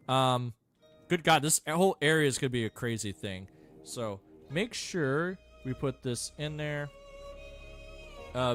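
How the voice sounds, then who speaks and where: A man's voice: mid-range voice, a bit bright. A man casually commentating his own strategy gameplay, rambling and thinking aloud with many fillers and self-mocking asides. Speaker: gameplay streamer.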